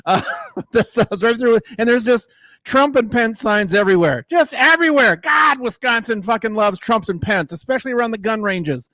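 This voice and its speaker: A man's voice: extremely high pitch, expressive, moderate pace, bright, forceful tone, no room sound, clean studio sound. A middle-aged man doing a crude, rambling stand-up set who laughs at his own jokes, on a mic in a small garage room. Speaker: stand-up comedian. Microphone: microphone in a garage.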